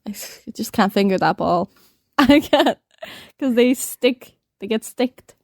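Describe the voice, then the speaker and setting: A woman's voice: on the high side, animated, a little slow, a little mellow, no room sound, clean studio sound. A young woman in her twenties co-hosting a podcast, rambling through a story in casual chat and laughing often. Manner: giggly, rambling, laughs often mid-sentence. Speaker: podcast co-host telling a story.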